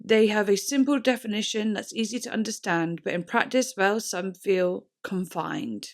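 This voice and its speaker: A woman hosting a music reaction video, chatting excitably, swearing freely and trailing off into fillers. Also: mid-range voice, normal speed. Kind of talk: casual reaction chat.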